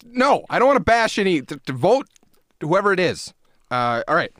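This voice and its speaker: Male podcast co-host, mid pitch, animated, rambling casual delivery, dry room. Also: normal speed, no echo. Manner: rambling, self-interrupting, laughs often. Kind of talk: casual chat.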